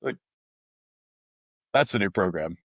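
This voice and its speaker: A man co-hosting a local news podcast in a relaxed, joking way, slipping into quick silly voices. His voice sits in a middle register. The sound is dry and close. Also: mid-range voice, no room sound. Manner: joking, animated voice impressions. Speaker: podcast co-host, journalist. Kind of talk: casual news chat.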